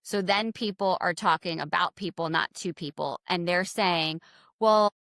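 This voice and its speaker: A woman's voice: on the low side, moderate pace, dry recording, studio quality. A middle-aged American woman, a leadership coach, talking as a guest in a podcast interview and acting out quoted dialogue as she tells stories. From United States. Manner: animated storyteller, acts out quoted dialogue.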